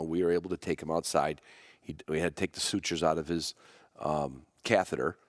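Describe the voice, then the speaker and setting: A man hosting a podcast, telling a personal story about his dog in a rambling, halting way, with many restarts. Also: deep voice, no echo, studio quality. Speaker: podcast host; hunting dog trainer.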